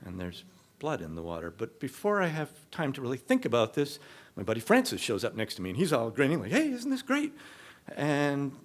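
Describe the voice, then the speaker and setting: Brief: male live storyteller, mid-pitched, chatty and animated, acts out the quotes. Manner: conversational, animated, acts out what people said. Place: stage of a comedy club.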